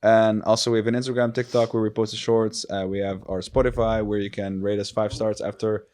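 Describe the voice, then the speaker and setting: A young man from the Netherlands, co-hosting a comedy podcast in loose, rambling chat. His voice sits fairly low. He jokes around and keeps restarting his sentences. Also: level tone, brisk, darkish tone, a little hiss or hum. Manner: rambling, self-correcting, joking. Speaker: podcast co-host.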